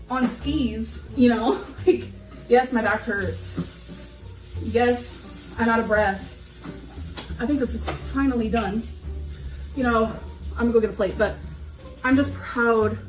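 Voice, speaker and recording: A young woman in a candid, rambling confessional vlog, talking at home and laughing now and then between thoughts. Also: on the high side. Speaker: vlogger. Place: home kitchen. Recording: echoey room, voice a bit far from mic, faint background music.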